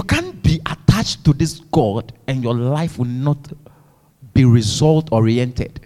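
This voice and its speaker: With a mellow, mid-range voice, this pastor delivers an impassioned church sermon, pausing for the congregation to echo him. He speaks slowly and expressively, and a long reverb tail trails each phrase.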